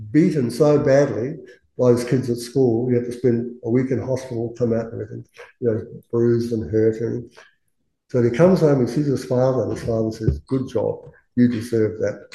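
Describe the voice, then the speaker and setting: A man's voice: mid-range voice, fairly even intonation, normal speed, warm tone. A man giving a casual Buddhist Dharma talk, chatty, often laughing and acting out quoted voices. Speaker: Buddhist teacher. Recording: roomy echo.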